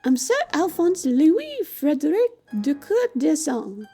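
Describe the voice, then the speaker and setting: A woman's voice: high-pitched, sing-song, takes it slowly, dark tone, faint music behind, voice pushed up, heavily acted. A woman voicing a pompous, theatrical vampire man with a dramatic, airy delivery while playing a video game.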